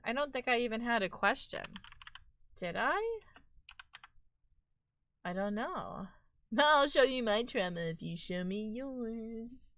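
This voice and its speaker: Woman streamer, unhurried delivery, bright clear tone, teasing and mock-dramatic with chat. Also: on the high side, lively intonation, no room sound, clean studio sound. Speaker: livestream host. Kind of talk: casual chat with viewers.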